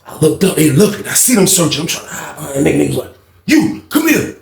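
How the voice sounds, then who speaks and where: A young man casually telling a story in slang, animated and acting out the voices of others. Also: a little high, very fast, gravelly, reverberant.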